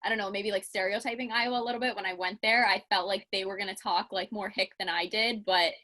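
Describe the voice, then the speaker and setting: A woman's voice: mid-range voice, steady tone, fast talker, sharp tone. A young woman with a Pittsburgh accent hosting a casual interview, bubbly and chatty with lots of "like". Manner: chatty, bubbly, laughs often, peppered with "like". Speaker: interview host.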